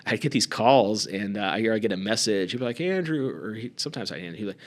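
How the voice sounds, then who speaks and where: A man co-hosting a podcast, telling stories in casual conversation and acting out quoted voices by raising his pitch. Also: fast talker. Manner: relaxed, acts out quoted voices with raised pitch. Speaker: podcast co-host.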